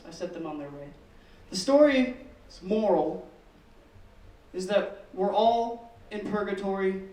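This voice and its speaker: A man performing a stand-up comedy set, telling a classroom story in a deadpan way, cursing, and squealing when he acts out the kids. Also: high voice. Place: comedy open mic room. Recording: echoey room, mic heard from a distance.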